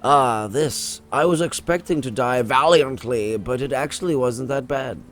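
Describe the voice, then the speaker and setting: Guy reading as a secretive agent, friendly and admiring, reads it out pretty plainly and trips over a word here and there, voice in a middle pitch. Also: a little slow, a bit bright, soft background music, lightly acted. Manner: reads dialogue aloud with small stumbles.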